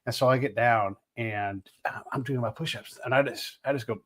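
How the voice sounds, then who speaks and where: A man in his forties hosting a conversation, talking in an animated, rambling way with many restarts. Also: medium pitch, a little fast. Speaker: podcast host. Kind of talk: casual chat.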